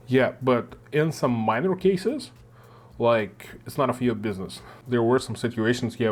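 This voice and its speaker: A man with a Russian accent, hosting a reaction video and chatting casually, thinking aloud with lots of fillers. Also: medium pitch.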